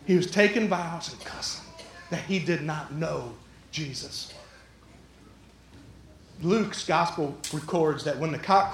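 A man preaching a sermon, lively and jokey, acting out the people in the story. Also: a little high, roomy sound. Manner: lively, jokey, acts out the quotes. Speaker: pastor.

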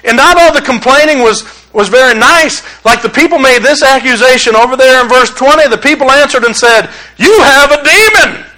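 A man preaching a sermon in a conversational, humorous and animated way. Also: very high voice, fairly quick, few pauses, poor audio.

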